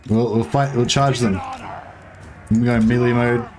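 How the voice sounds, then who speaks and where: In a casual let's-play, a young man commentates a strategy game, rambling and joking with his audience and swearing at times. His mid-range voice is steady and slow, and the background is noisy.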